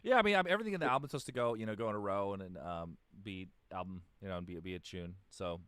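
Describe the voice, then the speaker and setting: A man's voice: on the low side, very fast, a bit bright, clean tone, no room sound. A man, a musician guest in a casual interview, telling stories in a rambling way with lots of fillers and restarts.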